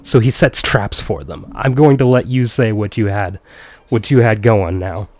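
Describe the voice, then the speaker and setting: A man's voice: lowish voice, moderate pace, a little mellow, no echo. A man co-hosting a casual film review chat, recounting scenes and laughing often.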